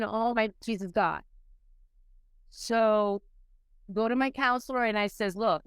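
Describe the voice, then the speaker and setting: Middle-aged woman from puerto rico who grew up in nyc, smooth clear voice, dry close mic, tells her story all animated. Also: a little slow, no room sound. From Puerto Rico, raised in New York City. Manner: animated, acts out quoted people with rising pitch. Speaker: podcast guest. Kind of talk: casual storytelling interview.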